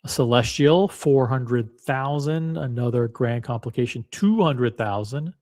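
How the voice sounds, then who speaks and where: A watch channel host browses listings on screen in a casual screen-share, reading them aloud in a wry, musing way. His mid-range voice is a little mellow and keeps a measured pace.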